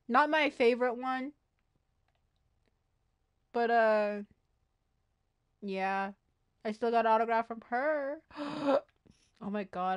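A woman streaming a video game, chatting excitedly to herself and her viewers, often gasping and saying she is freaking out. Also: fairly high pitch. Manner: excitable, gasping, talks to herself while playing. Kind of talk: casual gaming livestream chatter.

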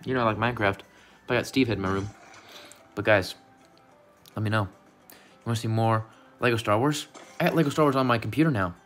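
A man's voice: on the low side, brisk, fairly bright tone, soft background music. A man hosting a casual gaming vlog from his room, talking in a goofy, rambling, playfully affectionate way. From United States. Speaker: gaming YouTuber.

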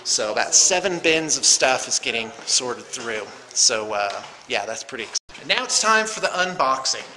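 A man's voice: mid-range voice, sing-song, moderate pace, sharp tone. A middle-aged man who runs a painting studio, chatting casually and joking at his own expense while he unboxes miniatures. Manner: joking, rambling, self-mocking. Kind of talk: casual chat. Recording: noisy room recording.

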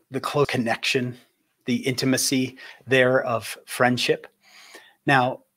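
Man, faith talk, animated storytelling, medium pitch, emphatic pauses. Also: husky. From Utah, USA. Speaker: public speaker.

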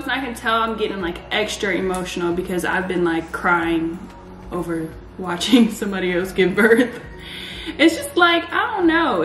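A young woman in the third trimester, talking casually and emotionally to her camera, tired and low, laughing through tears with lots of "like" fillers. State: weary and low. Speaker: vlogger, pregnant mother. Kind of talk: casual confessional vlog chat. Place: home room indoors. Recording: roomy echo of a home room.

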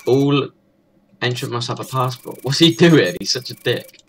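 A man's voice: mid-range voice, normal speed, fairly bright tone, breathy edge. A young man hosting a let's play, talking crudely and mockingly at the characters in the game. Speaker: gaming channel host.

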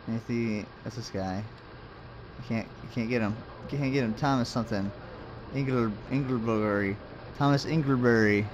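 A man's voice: mid-range voice, normal speed, lo-fi sound, background noise. A man casually commenting as he plays a game, rambling and muttering to himself with jokes along the way. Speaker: let's play host.

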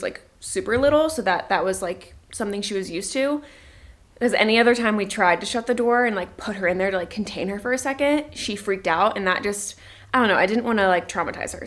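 Chatty young mom vlogging at home. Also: female voice, medium pitch, a bit bright. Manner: chatty, upbeat, filler-heavy with frequent "like". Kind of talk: casual home vlog chat. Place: her own home, indoors.

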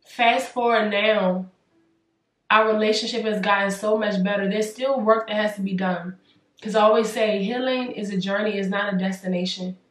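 A woman's voice: medium pitch, distant mic. Earnest young woman giving faith testimony. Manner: earnest, preacherly repetition. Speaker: faith vlogger. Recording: roomy sound, away from the mic.

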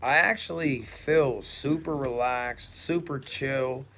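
A man's voice: mid-range voice, takes it slowly, fairly bright tone. Laid-back rambling man vlogging. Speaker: vlog host. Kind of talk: casual product review chat.

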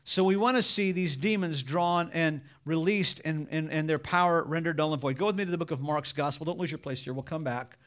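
A man's voice: on the high side, a little fast, few pauses, a bit bright. A man preaching a sermon as pastor, building in fervor and acting out quoted voices as he reads scripture.

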